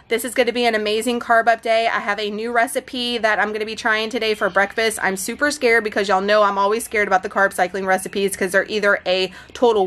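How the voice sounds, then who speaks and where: A woman's voice: mid-range voice, fairly bright tone. A woman in her thirties vlogging from home, chatting straight to her followers in an emotional, effusive way. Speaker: fitness and keto vlogger. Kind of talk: casual vlog chat.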